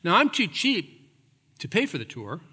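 In a church sanctuary, a pastor preaches from the pulpit with a bright, forceful, slightly rough voice set a little high for a man, moving from funny stories to emphatic preaching. His pitch swings hugely at a moderate pace, and the room adds a long, ringing reverb.

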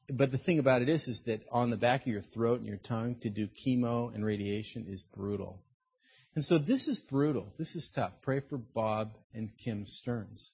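Heard on a dull lo-fi recording, this male pastor delivers his sermon at a moderate pace with vocal fry and a breathy edge. He's conversational and emphatic, going low and quiet when the point turns serious.

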